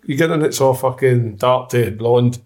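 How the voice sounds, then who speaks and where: A man's voice: medium pitch, normal speed, a little mellow. Scottish man, sweary casual chat. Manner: swears a lot, loose banter.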